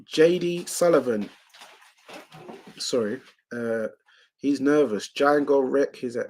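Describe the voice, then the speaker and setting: A young man hosting a live watch-along, giving excitable play-by-play of a boxing match and reading out viewer comments. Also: mid-range voice, takes it slowly, pauses often. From United Kingdom.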